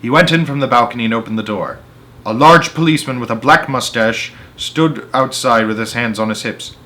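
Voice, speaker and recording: Expressive man reading a storybook. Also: medium pitch, brisk. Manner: expressive, with small slips and restarts. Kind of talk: reading a children's book aloud.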